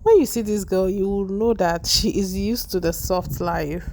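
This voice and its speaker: A woman talks through celebrity happenings in a chatty, gossipy voice-over. Her pitch sits in the middle range, and a faint hiss of noise sits under the recording. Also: normal speed, a little mellow. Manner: gossipy, conversational, opinionated asides.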